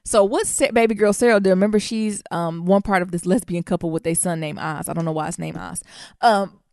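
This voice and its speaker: A woman's voice: on the low side, a little fast, creaky, dry recording, studio quality. A woman co-hosting a podcast in casual chat, telling stories animatedly and with plenty of cursing. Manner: animated, profane storytelling with acted-out quotes. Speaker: podcast co-host.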